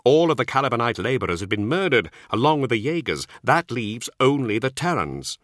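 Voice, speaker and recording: A man voicing a stern, earnest warrior-monk who argues his case in a measured, insistent way. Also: mid-range voice, sing-song, a bit bright, no echo, clean studio sound, voice pushed up. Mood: explaining.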